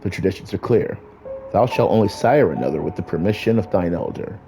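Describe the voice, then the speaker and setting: A man voicing a calm, formal vampire sheriff in a game, with a deep, soft-spoken, half-whispered delivery. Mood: solemn. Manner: soft-spoken, measured, courtly. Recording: faint music behind.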